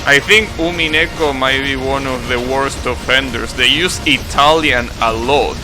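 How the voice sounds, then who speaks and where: Young male streamer, casual chat, unhurried delivery, keeps correcting himself, loud music behind. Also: medium pitch. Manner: rambling, self-correcting, swears casually, laughs at own jokes.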